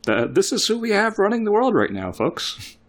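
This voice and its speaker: A man co-hosting a casual podcast chat, explaining a news story in a halting way with many fillers. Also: high-pitched, sing-song, background noise. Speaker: podcast co-host.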